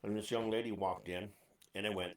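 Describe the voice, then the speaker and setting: A man's voice: fairly low pitch, steady tone, a little fast, far from the mic. A former radio DJ tells a story with laid-back swagger. He sits back from the mic, and the room adds an echo. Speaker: guest, former DJ. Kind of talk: casual storytelling chat. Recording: roomy, off-mic.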